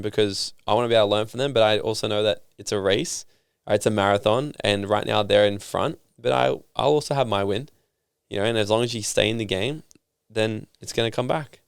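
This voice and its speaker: A young man chats on a podcast in a low, gravelly yet smooth voice. He tells his stories with energy, swears casually and acts out what other people said. He sits close to the mic in a dry, quiet room. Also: a little fast, no room sound. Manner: animated storytelling, swearing casually, acting out quoted people. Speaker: podcast guest.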